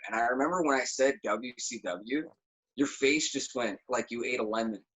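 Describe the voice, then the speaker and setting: A man's voice: mid-range voice, fast, poor audio. A man as a podcast guest, telling profane stories in casual chat. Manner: animated, profane storytelling.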